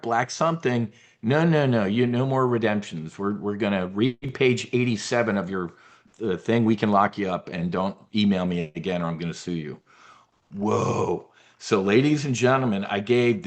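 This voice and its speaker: A man hosting a live trading brief, talking in a brash, boastful, rambling way. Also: mid-range voice. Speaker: trading newsletter host. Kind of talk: live market commentary.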